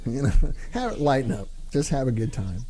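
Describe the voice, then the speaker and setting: A man's voice: mid-range voice, big pitch swings, moderate pace, dark tone, a little hiss or hum. A man hosting a livestream, chatting casually and joking, with lots of ums and uhs. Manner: rambling, joking, frequent fillers. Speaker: livestream host. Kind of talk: casual chat.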